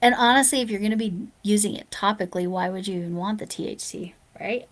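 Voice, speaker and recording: A woman chatting casually on a late-night livestream, answering viewer comments aloud and often dropping into a soft near-whisper, sleepy and yawning. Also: mid-range voice, fast. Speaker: live streamer.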